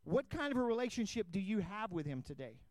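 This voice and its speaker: A man's voice: high-pitched, very animated, fast, a little mellow, no room sound. A man preaching as pastor, reading scripture aloud and asking his listeners direct questions. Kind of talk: sermon.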